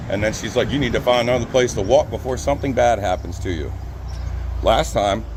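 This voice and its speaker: A man filming himself on his phone outdoors, loudly and insistently telling a police officer about a complaint. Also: fairly low pitch, a little hiss or hum. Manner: loud, insistent, repeats himself. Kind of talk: heated street complaint. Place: outdoors on a city street. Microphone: phone held by speaker.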